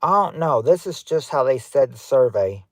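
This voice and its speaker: A man hosting a casual livestream game night, giving clues to players in a halting way, full of ums and restarts. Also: mid-range voice, animated, dry recording. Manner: halting, hunts for words with many fillers; gives clues to players, talks to chat.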